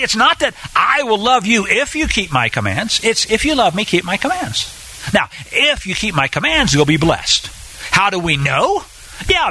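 A man preaching a sermon in an emphatic, animated way, with sarcastic asides. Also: high-pitched, slightly rough, rough recording.

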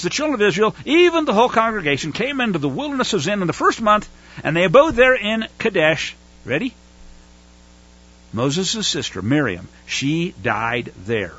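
A man giving a casual, animated Bible study and teaching through a Torah portion. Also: sits high, slightly rough, highs cut off. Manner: animated, acts out whining voices.

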